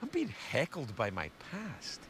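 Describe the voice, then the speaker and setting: A man's voice: medium pitch, wildly swooping pitch. A man with a Scottish accent hosting a late-night talk show, bantering playfully and teasing his guest. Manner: teasing, playful, quick jokes. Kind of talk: comic banter. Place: theatre stage before a live audience. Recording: audience noise and crowd around.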